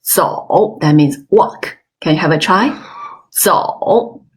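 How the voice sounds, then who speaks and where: A woman teaching an online language class, modeling sounds slowly and with exaggerated tones, praising often. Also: fairly low pitch. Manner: slow, careful, exaggerated tone demonstrations; encouraging, frequent praise. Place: online webinar.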